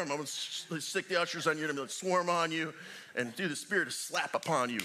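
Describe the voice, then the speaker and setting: A middle-aged male pastor preaching a sermon in a church, joking with the congregation and swinging from loud calls to near whispers. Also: fairly high pitch, quick pace. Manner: animated, joking preacher with big swings in loudness. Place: church sanctuary.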